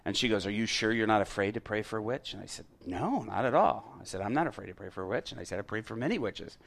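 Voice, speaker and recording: Lowish-voiced pastor telling a story. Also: male voice, fast, gravelly. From Chicago area. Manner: animated storyteller acting out dialogue, rises loud at punchlines. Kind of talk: sermon storytelling.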